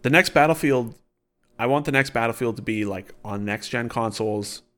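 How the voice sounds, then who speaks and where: A man's voice: medium pitch, normal speed, a bit bright. A man co-hosting a podcast in casual, rambling chat, opinionated and sweary. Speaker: podcast co-host.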